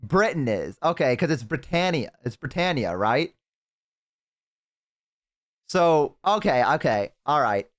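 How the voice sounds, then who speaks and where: A man's voice: on the high side, expressive, a little slow, long pauses, fairly bright tone, no room sound, clean studio sound. A man streaming live, chatting casually to his viewers, rambling and swearing freely.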